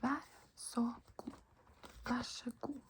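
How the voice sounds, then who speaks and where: A woman teaching in a whispered ASMR lesson, slow and patient, gently repeating each word. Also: fairly high pitch, little pitch movement, noisy background.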